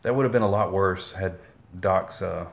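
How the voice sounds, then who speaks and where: A man's voice: sits low, normal speed, creaky. A man from Alabama with a mild Southern accent, chatting casually at home while playing with kittens. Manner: relaxed, chatty, talks to the cats. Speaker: kitten foster carer. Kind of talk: casual chat.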